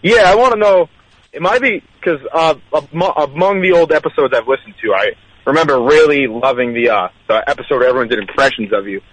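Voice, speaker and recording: A man's voice: medium pitch, quick pace, dry recording, rough recording. A man calling in to a radio show, chatting casually and hesitantly with lots of fillers. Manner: laid-back, hesitant with fillers. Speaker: caller. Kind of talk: casual phone-in chat.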